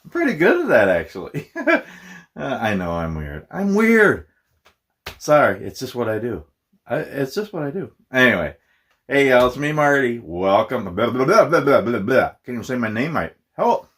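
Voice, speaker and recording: A man's voice: mid-range voice, sing-song, moderate pace, a bit bright. A middle-aged man from Minnesota talking in a casual, rambling vlog, self-deprecating and laughing often. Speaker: YouTuber.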